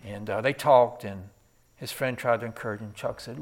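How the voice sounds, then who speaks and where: A man preaching a sermon, swinging from loud emphatic peaks to hushed whispers and throwing rhetorical questions at the congregation. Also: mid-range voice, steady tone, moderate pace.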